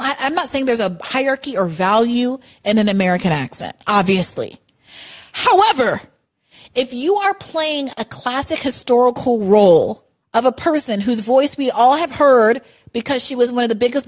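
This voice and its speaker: A woman with a high, bouncy voice chatting on a podcast. She talks in an opinionated, emphatic way, piling on "like" and "I'm sorry" as she swings up and down. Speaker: podcast co-host. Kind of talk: casual chat. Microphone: podcast mic.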